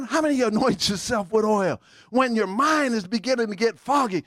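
A middle-aged male pastor preaching a sermon, calling out to the congregation for responses and breaking into sudden shouts for emphasis. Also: sits high, fairly quick, dry recording, studio quality.

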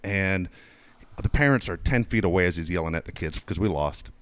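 A man's voice: brisk, clear, resonant tone. A man telling profane anecdotes in casual chat as a podcast co-host. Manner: animated, profane anecdotes with swings in pitch. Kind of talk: casual storytelling.

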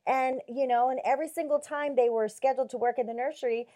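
A woman's voice: high-pitched, fairly even intonation, quick pace, mellow. A woman in casual chat, candid and self-mocking, talking easily.

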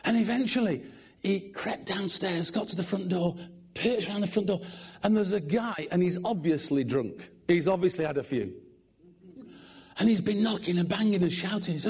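A middle-aged man, preaching and praying with animated, humorous storytelling in a church. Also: high-pitched, normal speed, creaky, breathy edge. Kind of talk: sermon.

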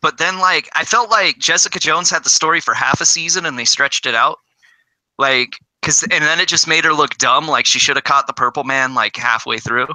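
A man co-hosting a live show, talking in crude, excitable banter. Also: on the high side, normal speed, no echo, poor audio. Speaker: podcast co-host. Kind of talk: casual chat.

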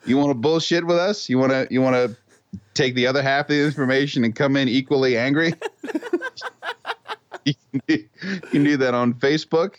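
A man's voice: medium pitch, dry recording, muffled recording. A man hosting a podcast, joking, swearing and laughing often in casual banter. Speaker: podcast host.

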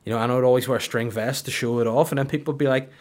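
Crude, rambling podcast host. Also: male voice, mid-range voice, steady tone, racing, a little mellow. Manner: rambling, crude, acts out silly voices. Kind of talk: comedic podcast monologue.

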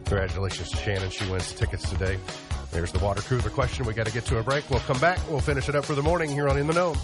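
A man's voice: mid-range voice, racing, music in the background. A man hosting a morning show, bantering casually and joking about himself. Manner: joking, self-mocking, laughs at his own lines. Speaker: radio morning show host.

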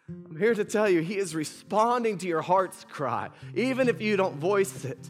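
Impassioned high-voiced male pastor preaching. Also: expressive, unhurried, soft background music. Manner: emotional, impassioned preaching with repeated phrases. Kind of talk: sermon. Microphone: streamed to online viewers.

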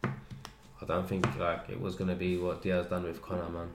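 A man's voice: low-pitched, monotone, moderate pace, background noise. A man, co-hosting a podcast in casual chat, laid-back and full of slang. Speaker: podcast co-host.

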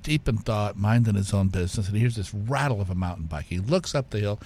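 Man telling an animated story. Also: on the low side, quick pace, few pauses. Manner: animated anecdote-teller with fillers and restarts. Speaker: guest, whiskey company co-founder. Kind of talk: conversational storytelling.

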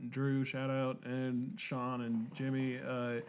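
A man's voice: medium pitch, completely flat delivery, slow pace, heavy background noise. A young man hosting a podcast, telling anecdotes in casual chat, laughing often and swearing freely. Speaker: podcast host.

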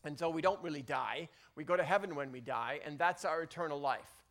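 Brief: male preacher, high-pitched, casual sermon delivery, stumbles and restarts, builds to emphatic peaks. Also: a little fast. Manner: conversational, many restarts, rising to loud emphatic peaks. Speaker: pastor.

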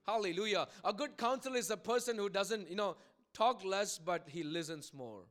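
A man's voice: sits high, moderate pace, fairly bright tone. A man, preaching a sermon as pastor, repeating lines and building in intensity. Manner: preaching with rising intensity and repetition.

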